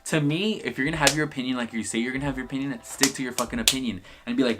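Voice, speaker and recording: Speaking quickly in a mid-range voice, a young man gives a sassy vlog breakdown of a reality TV episode. He swears freely and plays out the cast's words himself.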